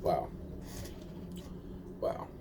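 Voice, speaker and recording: A man's voice: very slow, mellow. A man rambling to camera in a profane, agitated monologue, repeating himself and trailing off.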